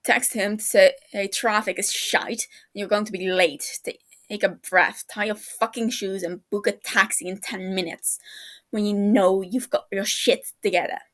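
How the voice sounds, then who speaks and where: A woman's voice: mid-range voice, fairly even intonation, moderate pace, close to an everyday voice. A woman voicing a blunt, sweary young Scottish man teasing and scolding his friend. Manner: blunt and crude.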